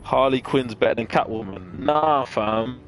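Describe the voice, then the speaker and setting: A man's voice: medium pitch, unhurried, faint music behind. A man, chatting casually with his chat while playing a game live. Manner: laid-back, slangy banter with chat. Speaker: live-streaming gamer. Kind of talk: casual live-stream commentary.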